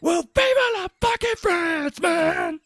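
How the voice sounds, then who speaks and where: A man doing a comedic impression of a wildly ranting, swearing film character in a high, shouted voice. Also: lively intonation, takes it slowly, no room sound, clean studio sound, full character voice. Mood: manic shouting. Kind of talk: comedic movie-scene impression.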